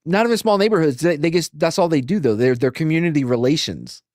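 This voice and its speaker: Profane man telling animated stories. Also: fairly high pitch, fast, no room sound, studio quality. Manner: profane, animated anecdotes with acted quotes. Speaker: podcast host. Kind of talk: casual storytelling.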